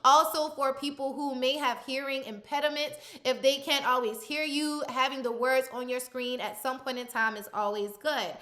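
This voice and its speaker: A young woman with a high, bright voice talks through an editing tutorial one step at a time. Her delivery is loose and chatty, full of little "um"s and "uh"s as she clicks along, like a coach showing a friend. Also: fairly even intonation, moderate pace, hardly any pauses. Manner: chatty, step-by-step instruction with frequent fillers. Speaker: content coach. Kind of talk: screen-recorded software tutorial.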